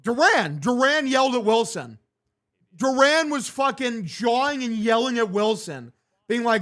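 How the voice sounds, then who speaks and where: A high-voiced man calling a game live on his stream. He swears freely and sounds exasperated. His commentary is casual play-by-play. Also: animated, unhurried, fairly bright tone. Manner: profane, exasperated. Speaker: livestream host.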